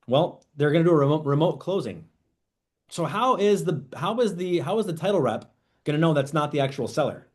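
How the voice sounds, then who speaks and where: A man teaching real estate agents in an animated training talk, often acting out quoted dialogue. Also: on the high side.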